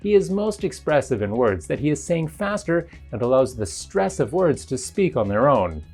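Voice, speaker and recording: An English teacher delivers a scripted, explanatory narration for a pronunciation lesson, with faint music underneath. The pitch shifts a lot between phrases, but the delivery stays measured and even, and the voice is slightly rough.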